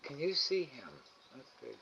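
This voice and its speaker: A man's voice: mid-range voice, huge pitch swings, normal speed, creaky, sharp tone, muffled recording, a little hiss or hum. A man hosting a live animal camera stream from indoors at night by a window. He coaxes an animal in a raised sing-song voice and mutters to himself between calls. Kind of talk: casual live-stream commentary.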